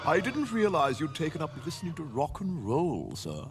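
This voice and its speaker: An actor voicing a polite, dry-witted older male butler in an animated series. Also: on the high side, moderate pace, a little hiss or hum. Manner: polite, formal, dryly humorous.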